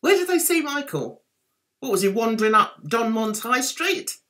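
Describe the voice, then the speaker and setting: A woman's voice: a little high, sing-song, moderate pace, fairly bright tone. A British woman vlogging, gossiping sarcastically with chatty asides. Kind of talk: gossipy commentary vlog.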